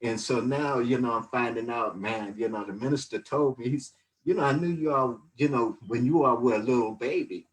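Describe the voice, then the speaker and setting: A man's voice: mid-range voice, normal speed, far from the mic, low-quality recording. A man in his sixties giving a rambling, reflective testimony as a podcast guest, full of fillers. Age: 60s. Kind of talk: casual storytelling testimony.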